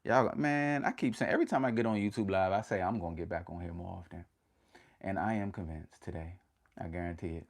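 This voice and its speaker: Energetic slangy man on a livestream. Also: deep voice. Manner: energetic and slangy, calls viewers fam; motivational, talks in short punchy bursts. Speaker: motivational YouTuber hosting a livestream. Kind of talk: casual livestream chat.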